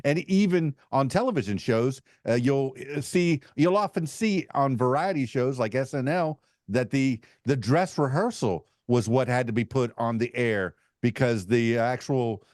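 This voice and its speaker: A man's voice: mid-range voice, measured pace, hardly any pauses, a little mellow, dry recording, clean studio sound. A man chatting on a podcast who rambles, with many fillers and false starts. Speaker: podcast panelist. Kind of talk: casual chat.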